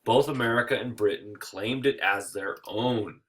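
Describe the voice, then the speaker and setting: A tired man teaching history in a recorded slideshow lecture, joking and acting out quick little voices. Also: on the low side, fairly bright tone.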